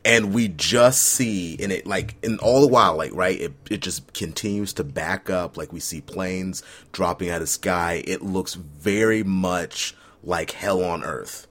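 A man with a very deep yet bright, forceful voice, co-hosting a casual podcast. He talks through his ideas scene by scene in vivid detail. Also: a little slow, few pauses. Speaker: podcast co-host. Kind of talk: casual chat.

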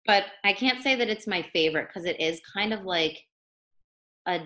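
A young woman guest on a podcast, chatty and relaxed, with many "like"s in her speech. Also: mid-range voice, normal speed. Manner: chatty, many fillers like 'like'. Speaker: podcast guest, life coach. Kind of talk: casual interview chat.

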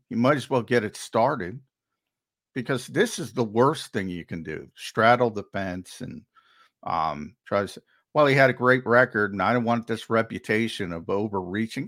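A man's voice: mid-range voice, fairly bright tone. A man co-hosting a sports talk show, talking emphatically and repeating words for stress. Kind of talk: heated sports talk commentary.

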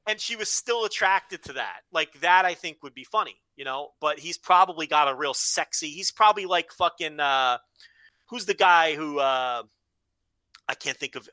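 A man co-hosting a podcast in casual chat, animated and profane, often slipping into quick impressions. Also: a little high, no room sound. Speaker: podcast co-host.

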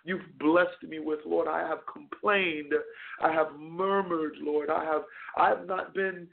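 A man's voice: fairly high pitch, steady tone, a little slow, creaky. Impassioned preaching man on a phone line. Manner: impassioned preaching, stammering repeats, acted prayers to the Lord. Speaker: radio talk show host and chaplain. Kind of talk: radio sermon.

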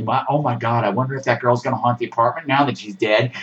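A man giving a casual, sarcastic movie review, ranting with animated swings and mocking voices. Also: medium pitch, fast, hardly any pauses, dull audio.

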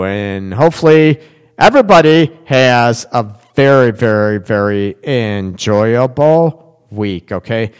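A man's voice: lowish voice, expressive, slow pace, clean tone, long reverb tail. A man hosting a relationship radio show, talking bluntly in a rambling, casual way full of fillers.

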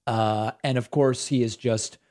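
A male host delivers political commentary in a relaxed, conversational way, often sliding into sarcastic remarks. His voice sits at an ordinary middle pitch, and his delivery is loose and full of asides as he reacts to the news. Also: a little slow. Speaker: political talk show host.

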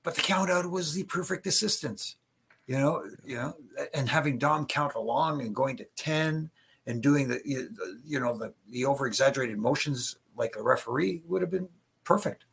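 A man's voice: medium pitch, moderate pace, vocal fry, a bit bright, breathy edge. A middle-aged man, a former wrestling referee, chatting on a podcast and telling anecdotes with many stammered restarts. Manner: chatty storyteller with frequent stammered restarts and laughter. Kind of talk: casual podcast chat, anecdotes.

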